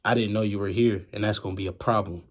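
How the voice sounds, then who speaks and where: A young man voicing a stern, threatening middle-aged father who speaks bluntly and calmly, with a husky voice. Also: on the low side, fast talker, natural voice. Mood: menacing. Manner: calm, menacing, blunt.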